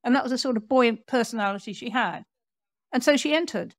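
A woman author, a guest on an interview podcast, telling a history story in a lively storyteller's way and acting out what people said. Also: a little high, brisk, no room sound, clean studio sound. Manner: animated storyteller, acts out quotes.

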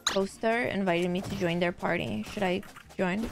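A woman streaming a game, chatting excitably with teammates and viewers, swearing often and breaking into sudden shrieks. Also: medium pitch, normal speed, creaky, background noise. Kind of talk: live game stream commentary. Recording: game music behind the voice. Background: game music and sound effects.

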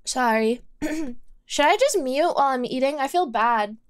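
A woman's voice: sits high, animated, a little slow, dry recording, clean studio sound. A woman streaming a game, chatting casually with her viewers in a teasing, sarcastic, giggly way while she eats. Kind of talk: casual gaming stream chat.

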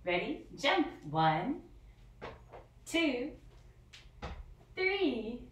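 Slow, sing-song woman teaching kids' yoga. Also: a little high, big pitch swings, fairly bright tone, slight background noise. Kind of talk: guided yoga lesson for young children. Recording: echoey room from far off.

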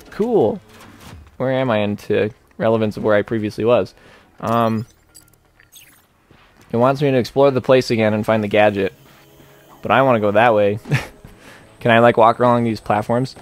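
A young man with a mid-pitched voice chats loosely over his gameplay, cracking jokes and talking to the characters as he goes. His delivery is casual and rambling. Faint music plays underneath. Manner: joking, rambling, talks to the game characters. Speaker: let's play host.

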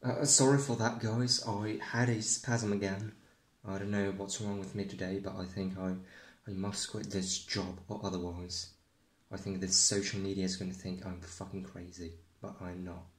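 A man doing a comedic mock newscast as the presenter, rambling and deadpan. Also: deep voice, moderate pace. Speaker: parody news presenter. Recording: echoey room.

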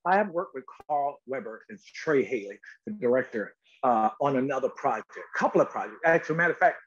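A middle-aged male actor, a guest on a talk show, tells stories in a lively, emphatic way and acts out quotes. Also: mid-range voice, fairly quick. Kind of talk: animated interview storytelling. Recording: slightly dull lo-fi audio.

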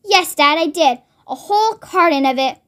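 A young reader voicing an inventive boy in a storybook, speaking thoughtfully and coaxing softly. The pitch is very high. He sounds curious and careful. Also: expressive, moderate pace. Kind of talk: read-aloud storybook.

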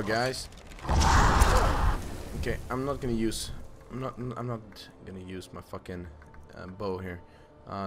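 A young man giving live gameplay commentary, swearing constantly and jumping from low muttering to loud outbursts at enemies. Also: background noise. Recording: loud game music behind the voice. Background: loud game music.

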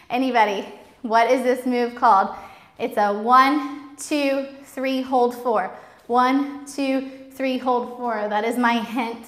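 A woman's voice: fairly high pitch, steady tone, takes it slowly, fairly bright tone. Bubbly woman teaching a dance class. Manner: bubbly, counts steps and calls cues. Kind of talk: live-streamed dance class instruction. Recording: roomy studio with music behind.

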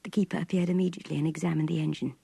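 An older woman narrating a classic novel in an intimate, breathy half-whisper. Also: low-pitched, fairly even intonation, rapid-fire, dark tone, no room sound. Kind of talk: audiobook reading of a classic novel.

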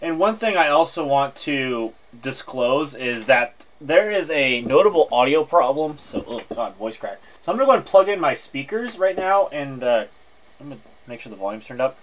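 A man narrating a screen-recorded software walkthrough in a chatty, informal way with wry asides. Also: medium pitch, sing-song, moderate pace. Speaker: tech video host.

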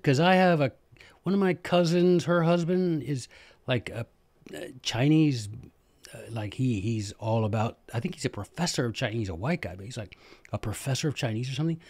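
A man's voice: medium pitch, dry recording. Fired-up man telling history. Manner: animated, self-deprecating and joking. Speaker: podcast host, former history teacher. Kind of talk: casual history storytelling monologue.

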